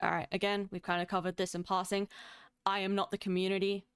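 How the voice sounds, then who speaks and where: A woman's voice: medium pitch, flat delivery, clear, resonant tone, no room sound, studio quality. A woman in a heated voice-call discussion, talking firmly and with irritation. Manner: firm, irritated, rapid-fire. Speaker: call participant.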